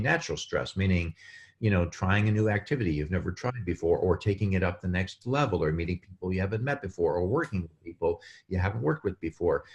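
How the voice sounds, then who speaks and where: A man speaking as a guest on a podcast, explaining in an animated way and acting out quotes. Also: low-pitched. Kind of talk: casual podcast chat.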